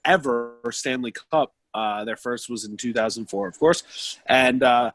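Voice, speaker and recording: A young man chatting on a podcast from his basement, rambling, getting worked up and cracking jokes along the way. His voice sits at an ordinary pitch and sounds close and dry, with little room around it. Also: unhurried, fairly bright tone, dry recording. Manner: rambling, emotional, jokey storytelling. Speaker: podcast co-host. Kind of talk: casual podcast chat.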